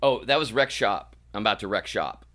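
Deep voiced guy late 30s, from wisconsin, self-deprecating jokes, forceful bright sound. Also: lively intonation, brisk. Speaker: guest. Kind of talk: casual chat.

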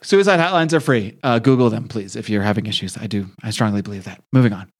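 A man's voice: on the low side, quick pace. A man co-hosting a comic book podcast, casually recapping the story and acting out the characters' lines. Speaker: podcast co-host.

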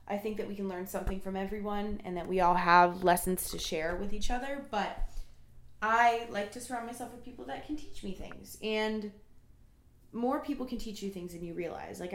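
Young woman chatting into her podcast mic, earnest and motivational, kinda echoey room, medium pitch. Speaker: podcast host. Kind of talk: casual solo podcast talk.

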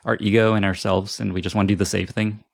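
A man with a fairly low voice hosts a podcast and asks questions in a relaxed, conversational way. His sound is dry and close, with no room echo. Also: quick pace, gravelly. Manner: casual, curious questioning with fillers. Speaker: podcast host. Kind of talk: podcast interview.

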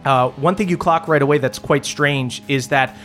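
A man's voice: medium pitch, normal speed, fairly bright tone, soft background music. A man narrating a tabletop game as game master, descriptive and using many filler words.

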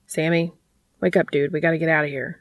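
A woman's voice: low voice, little pitch movement, fairly quick, no room sound, lo-fi sound. A woman voicing a worried young man, a hunter who talks plainly and urgently.

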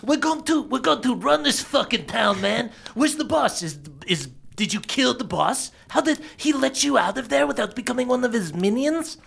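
A game master voicing a gang of excited young kids who swear and shout. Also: mid-range voice, moderate pace, vocal fry, hardly any pauses, slightly rough, voice pushed up, exaggerated voice.

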